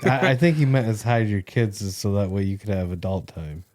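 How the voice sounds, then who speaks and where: A man's voice: lowish voice, fairly quick, a little mellow. A man on a podcast, chiming in with short remarks and laughs. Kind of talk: casual chat.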